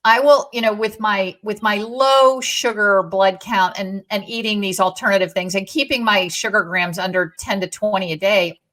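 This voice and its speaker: A middle-aged woman, appearing as a guest and podcast co-host, tells stories with lively emphasis in a casual conversation. Her voice is mid-range, her speed normal, and she pauses only rarely.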